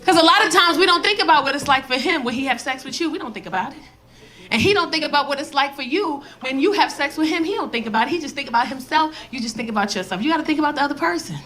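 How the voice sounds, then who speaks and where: A woman in her forties performing a loud, animated stand-up set with crowd work, telling stories to a live audience. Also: high voice, rapid-fire. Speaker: stand-up comedian. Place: comedy club stage with live audience. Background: audience laughter.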